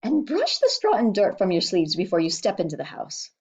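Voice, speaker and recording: A woman's voice: mid-range voice, huge pitch swings, fairly quick, husky, highs cut off, heavily acted. A woman voicing a stern, proud older housekeeper who talks sharply and bossily. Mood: scolding. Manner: sharp, scolding, bossy.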